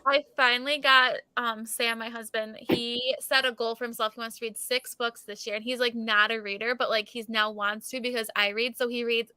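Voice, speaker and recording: A woman's voice: on the high side, fairly even intonation, moderate pace, few pauses, bright, forceful tone, smooth, no echo, studio quality. A young adult woman hosting a casual reading livestream, chatty and full of fillers, laughing often. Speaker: livestream host. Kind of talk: casual chat.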